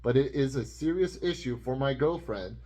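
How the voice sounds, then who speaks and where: Guy cohost reading a post out loud, kinda raspy, deadpan. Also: medium pitch, moderate pace. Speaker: podcast co-host. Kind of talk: reading a post aloud in casual chat.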